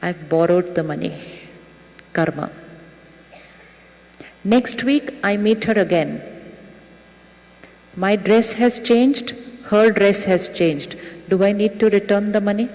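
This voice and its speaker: A woman spiritual teacher addresses a gathered audience in a large hall, and her words ring out with a long reverb. She speaks gently at a mid pitch and keeps turning to the listeners with rhetorical questions. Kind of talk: spiritual talk to a live audience.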